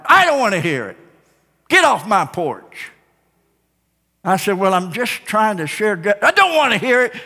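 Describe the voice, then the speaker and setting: A man's voice: a little high, a bit bright, in a large hall. A man preaching a sermon, telling folksy stories and building to fervent, repetitive declarations.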